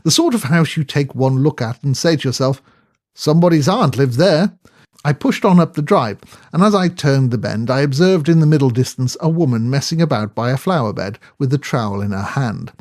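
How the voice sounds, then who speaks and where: A man's voice: mid-range voice, lively intonation, brisk, darkish tone. A man narrating a comic novel in a breezy, jaunty first-person manner. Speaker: audiobook narrator.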